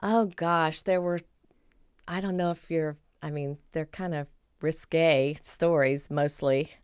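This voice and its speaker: Podcast guest, woman in her sixties, low-ish voice, dry close recording, animated storyteller who acts out voices. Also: slow pace, clean tone, no room sound. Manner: animated, acts out quoted voices and laughs often. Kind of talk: casual storytelling.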